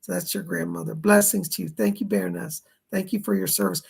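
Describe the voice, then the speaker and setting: A man hosting a live psychic reading stream. He sounds hoarse as he chattily relays spirit messages and thanks viewers by name. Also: high voice, steady tone, brisk. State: dry throat, hoarse.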